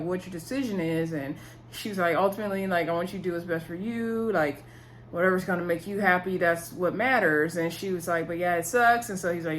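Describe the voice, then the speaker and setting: A woman's voice: mid-range voice, a little hiss or hum. Chatty woman recapping a show. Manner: chatty, talks to viewers as "y'all", laughs often. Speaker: reality TV recap vlogger.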